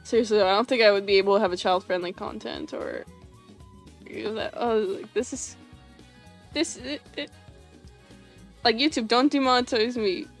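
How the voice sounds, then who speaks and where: A woman's voice: a little high, fairly even intonation, normal speed, pauses often. A young woman chatting casually on a livestream while she draws, rambling with lots of fillers, restarts and giggles. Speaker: animation streamer. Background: faint music.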